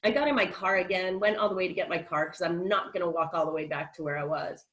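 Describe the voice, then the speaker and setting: Her lowish, slightly bright voice moves fast as she candidly relates her story, with quoted dialogue, to a virtual meeting as a guest speaker. Congestion leaves her nasal and winded, and the recording is low quality.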